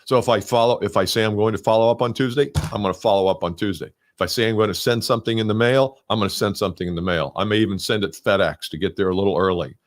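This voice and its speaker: A man's voice: fairly low pitch, fast talker, hardly any pauses. A middle-aged man coaching salespeople in a conversational, emphatic solo talk.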